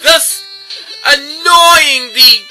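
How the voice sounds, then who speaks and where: A young man hosting a gameplay video, ranting sarcastically and mocking others in squeaky put-on voices. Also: extremely slow, sharp tone, soft background music, low-quality recording. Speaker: gaming video host.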